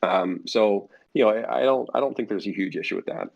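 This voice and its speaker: A man's voice: fairly low pitch, a little fast, vocal fry. A man speaking as a guest for a flight sim network in a casual podcast interview, rambling with many fillers and restarts. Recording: dull lo-fi audio.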